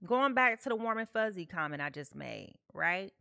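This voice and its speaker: A woman's voice: lowish voice, very animated, moderate pace, vocal fry, pushed and bright, clear, resonant tone, no room sound, clean studio sound. A woman giving a live tarot reading, chatty, often checking in with "okay?" and talking to her viewers. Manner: chatty, repeats "okay?" often, talks to chat. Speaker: tarot reader.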